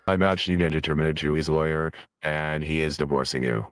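A man voicing Bob, a serious male lawyer, formal and halting with fillers. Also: rumbling low, steady tone, clear, resonant tone, no room sound, clean studio sound. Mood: stiff. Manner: formal, hesitant with many fillers. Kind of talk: improvised role-play.

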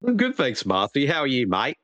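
A man's voice: medium pitch, huge pitch swings, brisk, fairly bright tone, no room sound, muffled recording. Joking Australian man, dry close sound. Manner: joking, laughs often. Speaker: co-host. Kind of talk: casual chat.

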